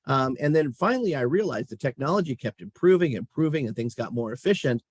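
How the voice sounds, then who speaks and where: A man's voice: mid-range voice, fast, slightly rough, no room sound. A middle-aged man, a company chief executive, telling stories about his career in a casual interview and chuckling as he talks. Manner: animated storyteller, chuckles while talking.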